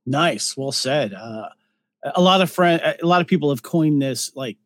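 A man's voice: fairly high pitch, expressive, moderate pace, dry recording, studio quality. A man hosting a casual podcast discussion in an upbeat way, handing the turn to each guest. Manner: upbeat, leads the conversation. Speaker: podcast host.

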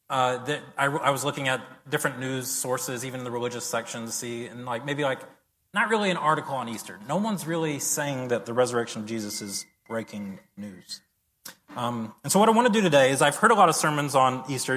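Animated man preaching in a hall. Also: mid-range voice. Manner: conversational, animated storytelling with acted-out reactions. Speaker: pastor. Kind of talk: sermon. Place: church sanctuary. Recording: long reverb of a large hall.

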